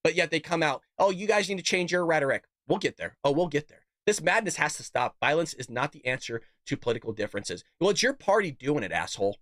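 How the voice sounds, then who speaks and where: A man's voice: fairly high pitch, very animated, quick pace, hardly any pauses, fairly bright tone, no room sound, studio quality. A man hosting a political commentary show, combative and emphatic, talking straight to his viewers and reading out quotes. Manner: reads out quotes and tweets.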